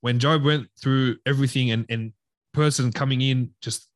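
A young man, co-hosting a podcast and sharing a story in a relaxed, candid way, often calling his friend bro. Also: medium pitch, moderate pace, dry recording. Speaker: podcast co-host. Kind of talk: casual podcast chat.

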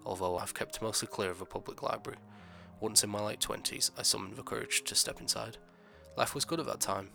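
Gravelly male horror storyteller. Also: lowish voice, sharp tone. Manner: measured, dramatic first-person telling.

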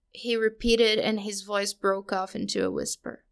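A woman giving a dramatic reading of fan fiction, with measured, somber storytelling and emotional emphasis. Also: mid-range voice, vocal fry. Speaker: story reader.

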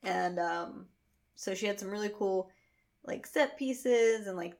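A woman in her thirties chats casually as a podcast co-host, her voice sitting in a middle pitch. She tells animated stories and fills them with constant "like"s and quick asides. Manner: chatty, many "like" fillers, animated storytelling. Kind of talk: casual chat.

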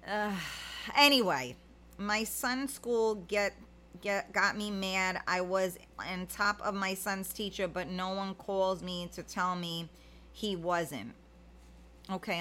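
A woman's voice: medium pitch, sharp tone. A middle-aged woman, chatting casually as a livestream host and reading out viewer comments, rambling with many fillers.

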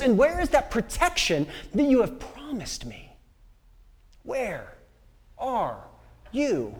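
A man's voice: extremely high pitch, voice pushed up, heavily acted. A man voicing a distraught male prophet who cries out to God in a string of pleading questions. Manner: plaintive, questioning.

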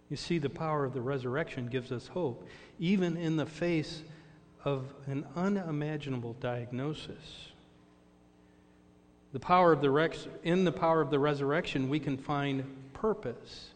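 A man's voice: on the high side, normal speed, long reverb tail, a little hiss or hum. A middle-aged male pastor preaching a sermon, telling personal stories in an earnest way with call-and-response asides. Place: church sanctuary.

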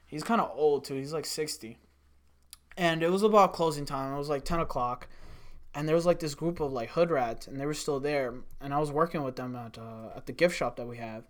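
A young man who used to work in a restaurant rambles through a profane workplace story in casual chat, saying "like" constantly. His voice is on the high side and a little fast.

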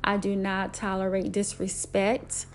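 A middle-aged single mother talks casually about her parenting rules, candid and emphatic, raising her voice when acting out quotes. Her voice is medium-pitched, monotone and a little slow, with slight background noise.

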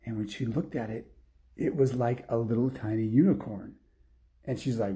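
A man's voice: mid-range voice, moderate pace, warm tone. A man telling an improvised children's story in a rambling way, with restarts and sound effects.

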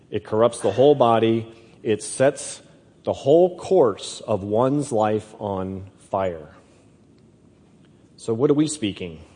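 Slow, emphatic male preacher in a hall. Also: lowish voice, a little mellow, breathy edge. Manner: slow emphatic delivery, repeats words. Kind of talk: sermon.

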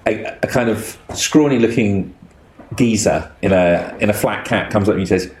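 A man running a tabletop game as game master, playful and quick to laugh. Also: lowish voice, a little mellow, a little hiss or hum. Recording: echoey room.

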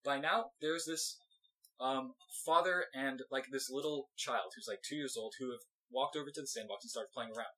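A man's voice: medium pitch, moderate pace, bright, forceful tone, rough recording. A young man hosting a podcast, telling a rambling story in casual chat, laughing and acting out the voices of people in it. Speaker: podcast host.

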